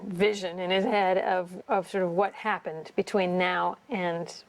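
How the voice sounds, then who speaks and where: A woman's voice: on the low side, steady tone, unhurried, poor audio. A woman in a documentary interview, speaking in a chatty, amused way.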